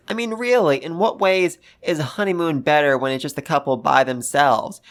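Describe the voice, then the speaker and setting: Excitable, gushing reviewer. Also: medium pitch, brisk. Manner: gushing, excitable, gasps and laughs; repeats phrases for emphasis. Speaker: manga chapter reviewer. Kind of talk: casual commentary.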